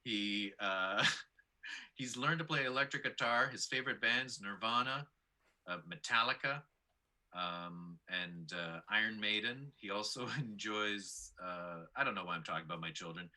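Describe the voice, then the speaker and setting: A middle-aged man talks in a dry, self-mocking deadpan, with plenty of hesitant fillers. His voice sits a little low yet sounds strikingly bright and forceful. He is a stand-up comedian trading banter as a guest on a chat show. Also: measured pace.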